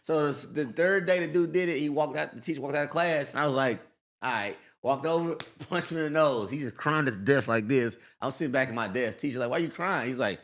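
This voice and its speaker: A man's voice: mid-range voice, fairly quick, few pauses, fairly bright tone. A man in casual podcast chat, telling stories and acting out the voices of people he quotes. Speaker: co-host.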